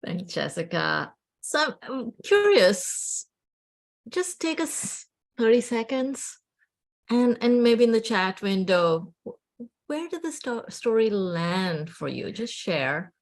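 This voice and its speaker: A woman facilitating an online dialogue session, inviting participants in a slow, gentle way. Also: fairly high pitch, big pitch swings.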